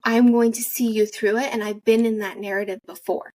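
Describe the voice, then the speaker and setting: A woman's voice: on the high side, fairly even intonation, brisk, mellow. A woman hosting a podcast interview, speaking conversationally with encouraging remarks. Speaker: podcast host.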